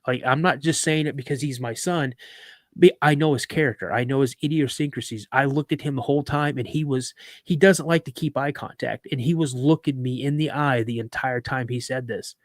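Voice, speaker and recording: A man's voice: mid-range voice, fairly even intonation, a little fast, dry recording. Podcast host, middle-aged man, casual rambling storyteller who stumbles and restarts, dry close mic. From Minnesota. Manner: rambling, many restarts and stammers. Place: live podcast studio.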